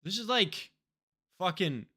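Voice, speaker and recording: A young man streaming himself playing a geography guessing game, excitable and swearing freely, with loud outbursts. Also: sits high, slow, husky. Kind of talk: live-stream reaction commentary.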